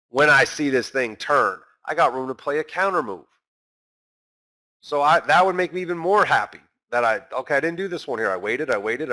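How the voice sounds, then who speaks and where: This trading instructor's voice is medium in pitch with a sharp edge. Teaching his class emphatically, he keeps raising rhetorical questions only to supply the answers on his own.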